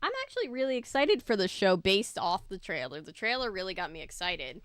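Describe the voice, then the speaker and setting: A woman at a mid pitch reading a spooky kids' novel aloud in a relaxed way, now and then slipping into casual chat with viewers. The recording is dry and close, with no room sound. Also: a little fast, smooth, no echo. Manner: casual, chatty remarks to viewers between passages. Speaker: book reader and video host. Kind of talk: reading a children's book aloud, with chatty asides.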